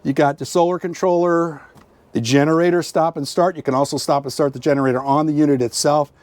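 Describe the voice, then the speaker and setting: A man with a fairly high voice gives a relaxed, upbeat tour from inside a motorhome. He chats as he goes, pointing out details with lots of fillers. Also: fast, no room sound. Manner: chatty, upbeat, points things out with frequent fillers. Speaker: RV travel vlogger giving a tour. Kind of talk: casual walkthrough tour.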